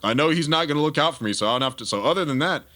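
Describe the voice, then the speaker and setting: A man's voice: fairly high pitch, lively intonation, racing, pushed and bright, a little hiss or hum. A man co-hosting a podcast review, talking casually and rambling with many restarts. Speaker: podcast co-host.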